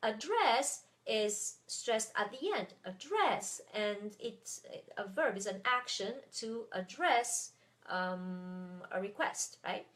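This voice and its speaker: A woman's voice: mid-range voice, takes it slowly, few pauses, fairly bright tone. A woman with a French accent teaching as a language tutor in a live webinar, chatty and full of fillers and restarts.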